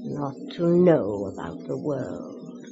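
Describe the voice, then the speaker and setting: A slow, eerie old witch. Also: sing-song, creaky, full character voice. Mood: mysterious. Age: older. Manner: slow, cryptic, sing-song, swooping pitch. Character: eerie old cottage witch, cryptic and teasing. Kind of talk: radio drama acting. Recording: muffled lo-fi recording with noise.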